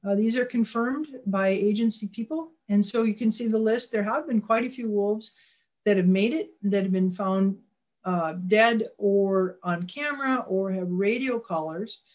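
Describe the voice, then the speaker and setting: A woman's voice: medium pitch, moderate pace, a little mellow. Folksy woman giving a slide talk. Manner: conversational, with frequent restarts and calls for the next slide; folksy, plainspoken. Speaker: wildlife presenter.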